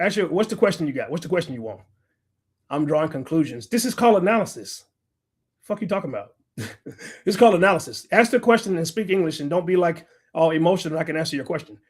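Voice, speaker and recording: A middle-aged man hosting a livestream, lecturing and arguing with viewers in a combative, profane rant. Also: high voice. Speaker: livestream host. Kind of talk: ranting livestream commentary.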